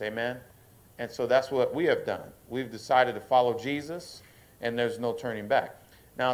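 A pastor preaches to his congregation at a middle pitch, calling out for answers and waiting for replies. He lets his delivery slow and grow stronger whenever he drives a point home. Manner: call-and-response preaching, asks the congregation to affirm; slows down and rises in force for emphasis. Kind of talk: sermon. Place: church service.

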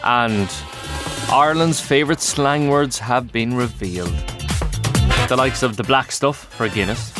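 A man's voice: mid-range voice, expressive, measured pace, music in the background. An Irish man hosting a breakfast radio show, chatty and jokey, laughing often.

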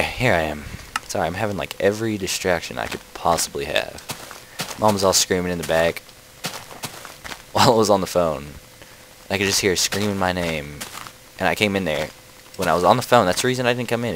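A man's voice: low-pitched, noisy background. A man casually commenting on his own gameplay, rambling and easily distracted, with playful trash talk aimed at animals in the game. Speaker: let's play host.

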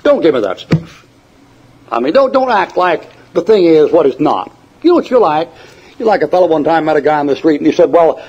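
A man's voice: a little high, big pitch swings, fairly quick, a little mellow, breathy edge. An older man preaching a fiery, folksy sermon to a congregation, mocking his opponents and laughing at his own joke stories. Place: church before a congregation. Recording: dull lo-fi sermon tape.

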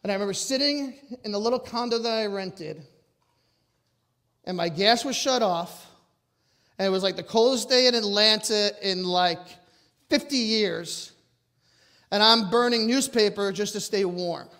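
Loud, high-voiced man telling his story. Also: unhurried, long pauses. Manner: loud and emphatic. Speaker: motivational speaker. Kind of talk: personal storytelling talk to an audience.

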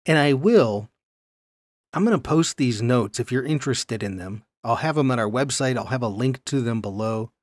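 A man in a middle register teaches a Bible lesson to camera, animated and conversational. He keeps checking in with his viewers as he explains. The recording is dry and close, with no room sound. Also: mid-range voice, normal speed, no room sound.

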